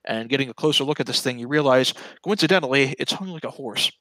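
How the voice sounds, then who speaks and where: A man's voice: mid-range voice, fast, pushed and bright, slight background noise, poor audio. A man narrating a tabletop game as game master in a casual, hesitant way, with fillers.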